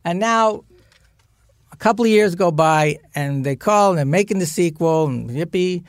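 An older man, an actor guest in a podcast studio, telling lively anecdotes in casual chat and acting out the voices of the people he quotes. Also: sits high, normal speed, dry recording.

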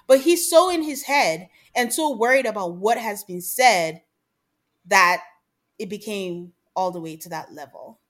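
A woman co-hosting a podcast in a casual chat, emphatic and opinionated as she argues her view. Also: mid-range voice. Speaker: podcast co-host.

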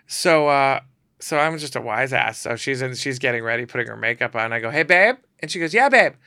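A man's voice: medium pitch, a little fast, smooth, no echo, clean studio sound. A middle-aged man, a guest storyteller, animatedly acting out the voices of people in his anecdotes. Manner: animated, acts out quoted voices. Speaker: guest storyteller, celebrity photographer. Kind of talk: casual storytelling.

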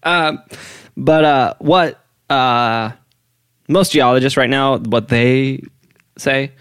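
A man's voice: mid-range voice, steady tone, takes it slowly, fairly bright tone, clean tone, dry recording, studio quality. A man co-hosting a casual podcast chat, rambling through his explanations and often breaking into laughter. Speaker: podcast co-host explaining a topic.

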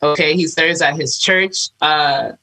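A woman as a guest, telling her personal faith testimony in casual, animated chat full of fillers. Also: low-pitched, unhurried, low-quality recording. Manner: animated storytelling with many fillers.

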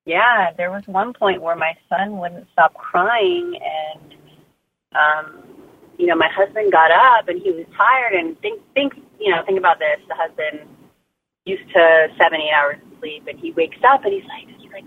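Woman guest, casual and warm-hearted talker, lots of fillers, heard over a tinny phone line. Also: sits low, animated, moderate pace. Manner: chatty, heartfelt, lots of "you know" and "like". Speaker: guest mother sharing birth story.

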